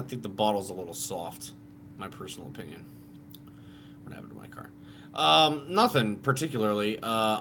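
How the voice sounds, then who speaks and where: A man's voice: on the low side, fairly bright tone, a little hiss or hum. A man co-hosting a live stream in casual chat, laid-back and swearing freely.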